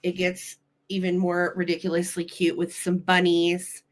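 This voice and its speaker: A woman's voice: lowish voice, completely flat delivery, measured pace. A middle-aged woman hosting a live vintage sale, cooing over old children's books and running bids for her viewers. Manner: gushing, delighted, talks to chat viewers. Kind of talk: live auction chat, reading children's books aloud.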